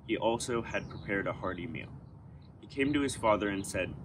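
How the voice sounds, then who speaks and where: A man's voice: lowish voice, fairly quick, noisy background. A man reading a passage of scripture aloud as a story for a church service. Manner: storytelling delivery. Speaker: scripture reader.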